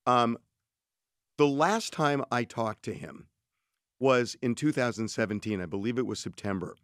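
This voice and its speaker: A middle-aged man tells a personal story on a podcast, slipping into quoted dialogue as he goes. His voice sits at an average pitch. It is recorded close and dry, with no room sound. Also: normal speed, clear, resonant tone, no room sound. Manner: animated anecdote, quotes others in his own voice. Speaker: podcast co-host telling a story. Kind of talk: casual storytelling conversation.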